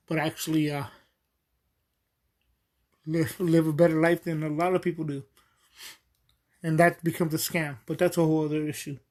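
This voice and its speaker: A man hosts a podcast in a loose, rambling monologue, his voice sitting a little high. He wanders through his stories with lots of ums and restarts and often chuckles as he goes. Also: darkish tone. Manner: rambling, with many fillers and restarts. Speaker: podcast host.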